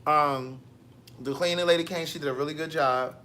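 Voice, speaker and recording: A man hosting a casual live stream, reading viewer comments with sassy, animated storytelling. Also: on the high side, moderate pace, slight background noise.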